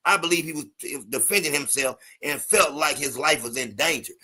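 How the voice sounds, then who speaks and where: A man hosting a sports talk stream, pushing hard in a heated debate. His voice is bright and a bit husky, pitched slightly high. He interrupts and repeats the other man's name to press for an answer. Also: a little fast.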